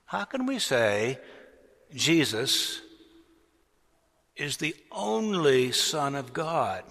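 A man's voice: mid-range voice, sing-song, creaky, fairly bright tone. A man delivering a sermon from the pulpit, taking his time over each phrase and letting his voice swell on the key words. His words ring out through a large cathedral, trailing a long echo. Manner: slow, deliberate preaching with swelling emphasis. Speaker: pastor.

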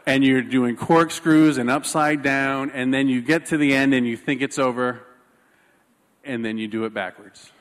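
A man preaching a sermon, telling a personal story in an animated, self-mocking way. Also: medium pitch, moderate pace, big-room sound. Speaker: pastor.

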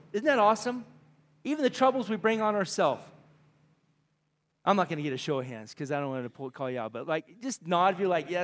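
A man with a high, light voice gives a casual, rambling sermon, poking fun at himself as he goes. The long reverb of a church hall trails after his words. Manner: casual, rambling and self-deprecating. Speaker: pastor. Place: church sanctuary.

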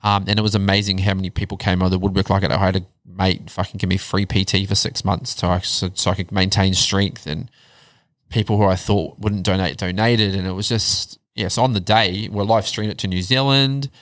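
A man telling his life story in a casual chat, blunt and animated, swearing heavily. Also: sits low, a little fast, no echo. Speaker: podcast guest.

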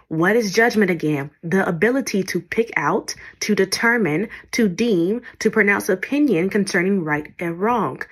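A woman's voice: medium pitch, breathy edge. A woman teaching the Bible in an informal podcast style, often checking in with "okay?".

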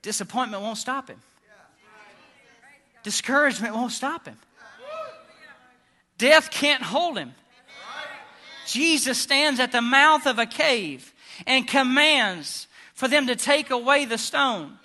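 High, bright-voiced impassioned preacher man. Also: lively intonation, slow pace, long pauses. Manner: impassioned, rising to shouts and dropping to hushed tones. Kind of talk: sermon.

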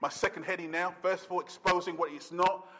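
A man preaching a sermon as pastor, emphatic, slowing down to stress words and dropping to a quiet intensity. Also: high-pitched, steady tone.

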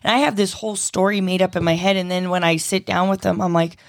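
A woman co-hosting a podcast, talking in a chatty, animated way with quick asides. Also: fairly low pitch, vocal fry, dry recording, studio quality. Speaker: podcast co-host. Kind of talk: casual podcast conversation.

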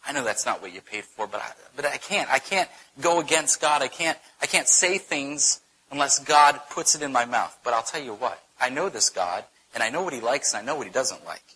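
A man voicing a scheming hired diviner in a Bible story retelling, in a low, hushed, confiding way. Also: lively intonation, brisk, breathy edge, poor audio. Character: sly hired male diviner, apologetic and scheming.

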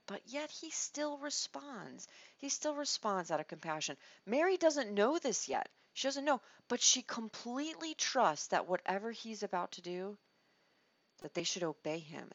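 A woman teaching a Bible study in a conversational, expressive way, restarting her phrases as she thinks. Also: medium pitch, normal speed, no echo. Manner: expressive, acts out quoted lines, restarts phrases. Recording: dull lo-fi dry recording.

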